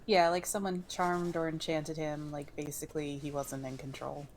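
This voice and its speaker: A woman playing a tabletop game who shifts into formal, measured in-character speech. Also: deep voice, level tone, a little hiss or hum. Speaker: player. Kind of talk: casual tabletop play with in-character lines.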